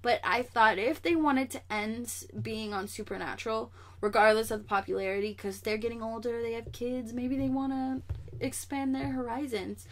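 A young woman hosts her own casual vlog of comic news, her voice set a little high. She talks sassy and animated, straight to the camera, as if chatting with a friend. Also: normal speed. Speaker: vlogger.

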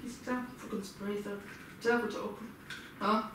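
A woman's voice: mid-range voice, steady tone, moderate pace. A woman chatting casually while cleaning her kitchen at home, repeating herself and swearing when frustrated. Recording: very echoey room, far from the mic, noisy.

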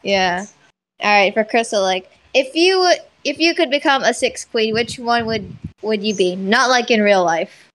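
A chatty woman hosting a casual question-and-answer video. Her voice sits a little high, and she strings thoughts together with constant "like"s and quick laughs. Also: animated, fairly bright tone, low-quality recording. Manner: chatty, heavy use of "like", laughs often. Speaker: channel host reading viewer questions. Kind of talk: casual chat.

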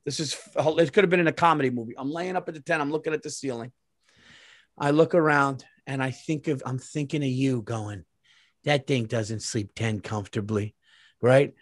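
A man's voice: a little high, a little fast, no echo, studio quality. A man hosting a podcast, telling a comedic story with profanity and acted-out quotes. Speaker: podcast host.

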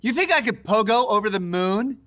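A woman's voice: mid-range voice, expressive, a little fast, background noise, close to an everyday voice. A woman voicing a playful, carefree male cartoon cat who jokes in a laid-back way. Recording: music behind.

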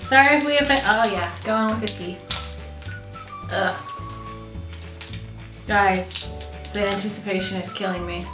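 A woman's voice: medium pitch, a little slow, long pauses. A young woman vlogging, chatting expressively and squeamishly while taste-testing snacks. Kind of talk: casual snack taste-test chat. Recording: echoey room with light music.

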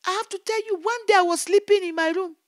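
A woman's voice: very high-pitched, fast talker, no echo, studio quality. A woman evangelist giving a fervent testimony sermon, repeating her exclamations of praise.

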